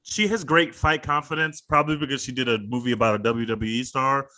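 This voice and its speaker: Bright-voiced excited podcast guy. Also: mid-range voice, a little fast. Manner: enthusiastic, rambling, swears casually. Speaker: podcast co-host. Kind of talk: casual chat.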